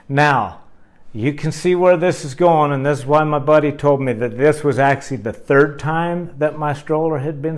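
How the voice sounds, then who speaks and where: A man telling a rambling, animated story to his camera in a casual vlog. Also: on the high side. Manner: animated, rambling, with fillers and asides.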